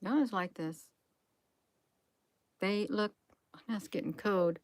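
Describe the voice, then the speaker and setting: A woman's voice: on the low side, takes it slowly, pauses often, fairly bright tone, clean tone, no room sound. A woman hosting a casual livestream, musing aloud, reading from the screen and answering chat. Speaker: livestream host.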